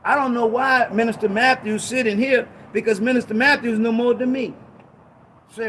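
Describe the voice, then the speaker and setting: A man in impassioned, preachy talk on a ministry show, emphatic and repetitive, with casual slang, at times rising to shouts. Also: very high voice, steady tone, moderate pace, a little hiss or hum. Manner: conversational street slang.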